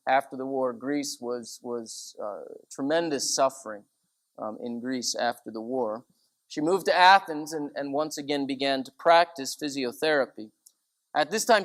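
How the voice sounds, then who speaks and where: A male priest giving a sermon talk, telling stories in a conversational, lively way. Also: on the high side. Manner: conversational, animated when quoting. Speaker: Orthodox priest.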